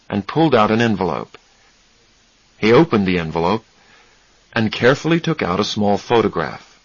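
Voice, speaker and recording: A man with a fairly low voice narrates a story at a slow, careful pace for learners. His delivery swings widely in pitch. The recording is close and dry but dull-toned, like a lo-fi home setup. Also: dry recording. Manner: slow, deliberate, expressive reading. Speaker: English lesson storyteller.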